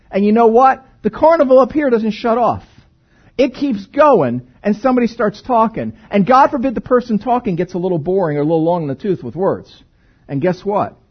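A man preaching a sermon in a conversational, animated way, asking the congregation rhetorical questions. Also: high-pitched, slightly rough, lo-fi sound. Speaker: pastor.

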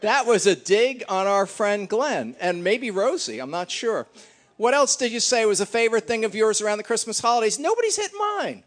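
Teasing man with a high voice. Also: moderate pace. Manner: teasing, playful, chatty. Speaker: pastor leading a church gathering. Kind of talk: casual joking address to a congregation.

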